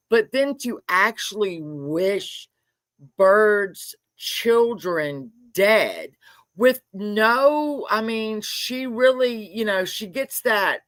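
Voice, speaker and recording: A woman's voice: fairly low pitch, fairly bright tone, no room sound. A middle-aged woman hosting a casual livestream from her carport, chatting, greeting viewers and ranting with frequent swearing. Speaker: livestream host. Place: home carport.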